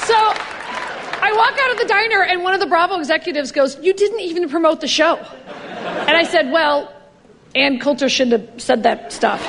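A woman telling a brash, animated stand-up story on stage, laughing through her punchlines. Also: sits high, a little hiss or hum. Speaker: stand-up comedian. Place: comedy stage before a live audience. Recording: stage mic in a hall with loud audience.

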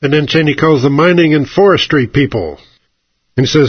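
A man's voice: on the high side, brisk, slightly rough, no room sound. A man hosting a radio talk show, telling a sarcastic, profane satirical rant, over a dull, dry broadcast.

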